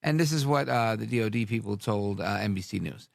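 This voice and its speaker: A man's voice: lowish voice, fairly quick, creaky, no room sound, studio quality. A man hosting a talk radio show, delivering a sarcastic, rambling monologue full of asides. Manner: sarcastic, animated, drifts into asides.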